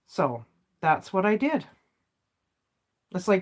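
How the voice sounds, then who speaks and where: A woman's voice: fairly low pitch, measured pace. A woman candidly retelling a family loss in a personal vlog, with frequent fillers and quoted dialogue. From Canada. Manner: candid, emotional retelling with many "like"s. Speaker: vlogger. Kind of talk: personal storytelling.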